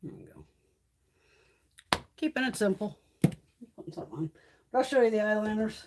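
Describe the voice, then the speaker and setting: A woman's voice: mid-range voice, lively intonation, moderate pace, noisy background. A woman beauty vlogger chatting casually on a live stream while doing her makeup, blunt and full of swearing.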